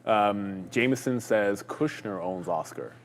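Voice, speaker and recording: A man's voice: lowish voice, expressive, a little slow, big-room sound, a little hiss or hum. A man co-hosting a live trading stream, chatting loosely about stocks with jokes and plenty of fillers. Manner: loose and joking, lots of fillers. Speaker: co-host of a live trading show. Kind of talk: casual market chat.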